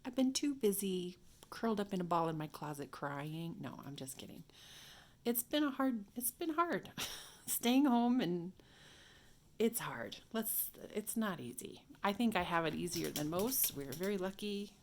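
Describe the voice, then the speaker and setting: A woman's voice: medium pitch, lively intonation, a little slow. A woman at home giving a casual hands-on tutorial, chatting and thinking aloud as she works. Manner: chatty, talks to herself while working, drops to whispers. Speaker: craft video host. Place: home craft room.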